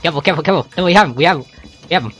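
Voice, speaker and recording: A man who laughs easily and yells quick callouts while playing a team game with friends. His pitch jumps around in lively swings. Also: soft background music. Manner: laughs often, shouts callouts. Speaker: teammate. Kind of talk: casual gaming banter with friends.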